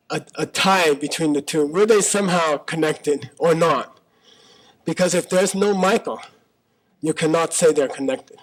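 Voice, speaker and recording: A man with a high, light voice gives a Buddhist teaching before a live audience in a small auditorium. He talks in a loose, conversational way and keeps checking in with his listeners. He argues his point by firing one question after another. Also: rough recording. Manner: argues by voicing debating partners in questions. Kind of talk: live dharma talk to an audience.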